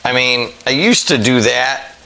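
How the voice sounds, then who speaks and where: A man's voice: medium pitch, unhurried, gravelly, bright, forceful tone, poor audio. A middle-aged man hosting a local radio talk show, chatting easily with a Northwest Indiana accent, in a studio. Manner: easygoing, chatty, with many restarts. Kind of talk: casual radio chat. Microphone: studio microphone.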